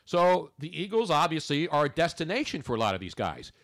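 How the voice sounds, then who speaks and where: A man's voice: fairly high pitch, very animated, fairly quick, a bit bright. A man hosting a sports talk radio show, rambling and chatty in casual banter. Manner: rambling, chatty, talks over others.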